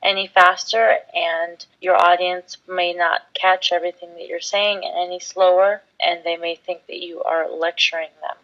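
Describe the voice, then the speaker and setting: A woman with a fairly low voice explains speaking techniques in a clear, measured teaching manner. The recording sounds a little dull and lo-fi. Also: fairly bright tone. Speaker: instructor. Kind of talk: scripted instructional talk.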